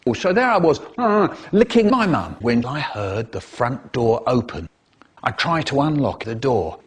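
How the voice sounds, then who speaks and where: A man's voice: medium pitch, very animated, measured pace, husky. An older man telling a comic story with sing-song sound-effect words.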